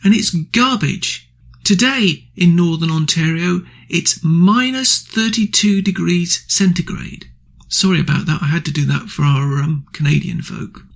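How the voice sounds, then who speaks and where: Male radio host, ranting and indignant, with a husky, gravelly edge and a fairly high voice. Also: moderate pace. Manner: ranting, indignant, blunt insults. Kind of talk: angry political opinion monologue.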